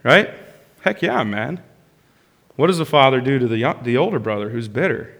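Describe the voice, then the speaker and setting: A man preaching a sermon as a pastor, passionate, rising to loud bursts and dropping to soft, hushed lines. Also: mid-range voice, expressive, moderate pace, creaky. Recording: long hall reverb.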